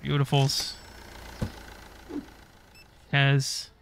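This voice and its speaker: A man's voice: medium pitch, monotone, extremely slow, vocal fry, a bit bright, slight background noise. A man giving casual, profane gameplay commentary, mock-scolding customers and staff as he plays. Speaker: gaming YouTuber.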